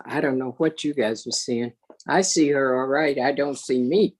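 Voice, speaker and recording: A meeting participant talking over a video call from a tablet, relaxed and explaining. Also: medium pitch, moderate pace.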